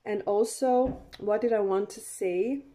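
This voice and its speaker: A woman's voice: medium pitch, measured pace, dark tone. A woman doing a casual tarot reading to camera, chatty, with many fillers and restarts and frequent laughs. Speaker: tarot card reader.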